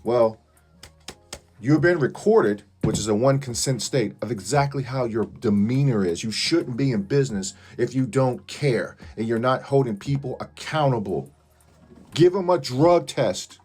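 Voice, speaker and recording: A man's voice: medium pitch, normal speed, darkish tone, husky. A man vlogging an indignant complaint to his viewers, repeating pointed questions.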